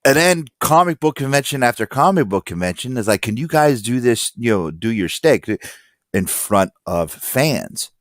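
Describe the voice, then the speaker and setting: A man telling stories in a casual podcast chat, acting out quotes loudly. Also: mid-range voice, normal speed, dry recording, studio quality. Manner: animated storyteller, acts out quotes loudly. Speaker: podcast guest.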